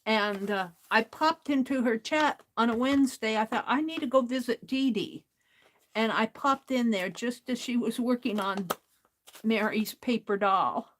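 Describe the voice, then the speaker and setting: A woman's voice: a little high, a little slow. A middle-aged woman chatting casually to herself and her viewers as she opens craft mail, often laughing. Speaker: craft livestream host. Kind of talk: casual craft vlog, opening mail on camera.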